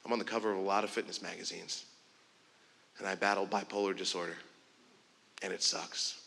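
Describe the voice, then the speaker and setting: A burly male fitness trainer speaks softly through tears, his confession low and subdued, as a keynote speaker quotes him. The voice rings out in a long hall reverb. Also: steady tone, a little fast. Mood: quiet, tearful.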